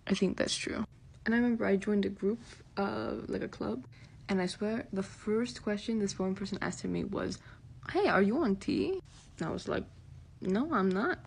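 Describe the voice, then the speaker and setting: Husky gravelly woman telling a story. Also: mid-range voice, fairly even intonation, fairly quick, darkish tone. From Anatolia. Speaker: TikTok storyteller. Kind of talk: casual storytelling.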